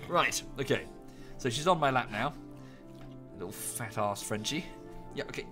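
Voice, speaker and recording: A man's voice: mid-range voice, lively intonation, normal speed, long pauses, music in the background. Man chatting through a live game stream. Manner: chatty and rambling, with offhand asides. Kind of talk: casual live-stream commentary.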